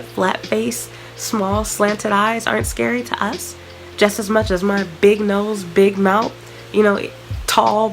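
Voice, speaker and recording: Young adult woman vlogger, exasperated and blunt, gravelly fry in her voice. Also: medium pitch, poor audio. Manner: frank, exasperated ranting. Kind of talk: ranting vlog to camera.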